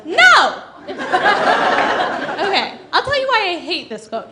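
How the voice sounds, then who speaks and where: A young woman doing stand-up on a club stage, her voice high and light. She hedges and stalls with fillers, then lands dry, deadpan lines into a handheld mic. The live recording carries a clear layer of noise. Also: takes it slowly. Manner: hesitant, deadpan delivery with many fillers. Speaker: stand-up comedian. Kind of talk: stand-up comedy set.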